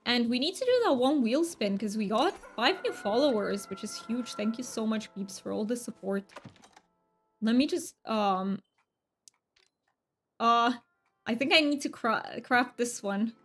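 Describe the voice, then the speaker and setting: A chatty woman streaming a game, her voice a touch higher than most. She rambles along with plenty of fillers and quick self-corrections. Soft game music plays quietly behind her. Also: expressive. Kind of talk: casual gaming stream chat.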